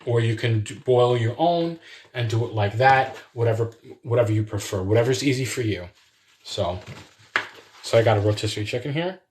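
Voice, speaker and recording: A man's voice: medium pitch, moderate pace, a little mellow, slight background noise. A man chatting to viewers in a rambling way while he cooks live in his home kitchen. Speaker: home cook hosting a live cooking stream. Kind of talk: casual live cooking demo with chat.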